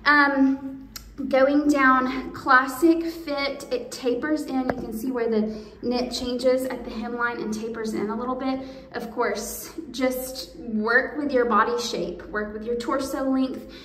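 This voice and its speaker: A woman hosts a chatty clothing try-on, gushing to viewers in a high, steady, fairly bright voice that takes its time. The recording comes from an echoey room indoors, her voice well away from the mic.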